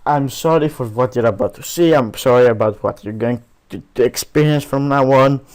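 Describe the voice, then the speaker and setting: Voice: mid-range voice, moderate pace, darkish tone. A let's player giving casual, sarcastic commentary over a game. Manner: joking, sarcastic asides.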